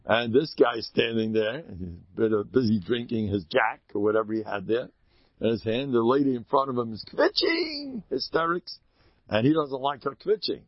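Male rabbi, lively swooping storyteller, dry close lo-fi sound. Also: moderate pace, no room sound. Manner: animated, acts out characters with sudden high shouts. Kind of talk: storytelling Torah talk.

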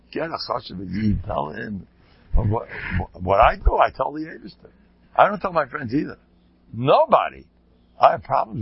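A man's voice: mid-range voice, sing-song, moderate pace, creaky, husky, no echo, highs cut off. An older man, a rebbe, giving an informal Torah talk, joking and sprinkling in Hebrew and Yiddish terms. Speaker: rebbe teaching a Torah class.

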